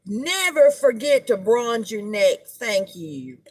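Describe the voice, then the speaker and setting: A middle-aged woman hosts a live stream, chatting and gossiping while she greets viewers by name. Her voice sits a little high, and she talks at an unhurried pace. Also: very animated. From United States. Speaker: livestream host.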